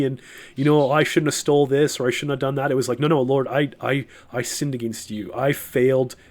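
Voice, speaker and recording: Earnest man telling his faith story. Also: mid-range voice. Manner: earnest, halting storytelling with many restarts and fillers. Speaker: podcast guest. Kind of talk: personal testimony in an interview.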